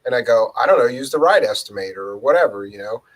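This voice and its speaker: A man's voice: medium pitch, animated, quick pace, rough recording. A man chatting casually and bluntly, swearing and quoting people in his stories. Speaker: co-host, former rideshare driver. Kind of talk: casual storytelling chat.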